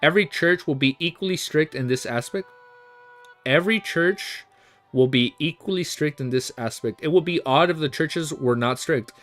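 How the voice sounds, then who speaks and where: A man voicing a calm, aloof male church agent while reading a novel aloud, in an even reading manner. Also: a little high, normal speed, faint music behind, lightly acted.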